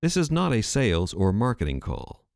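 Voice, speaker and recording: A stiff, businesslike debt collector's recorded message, as read by a man. He keeps the delivery even and formal, like a scripted notice. The sound is close and dry. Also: on the low side, moderate pace, creaky, no room sound, full character voice. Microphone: studio microphone.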